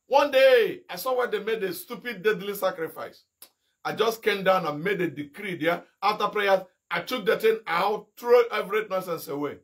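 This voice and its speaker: A middle-aged man from Nigeria preaching a fiery sermon as an evangelist, firing rhetorical questions and bursting into shouted rebukes. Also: high-pitched, expressive, normal speed.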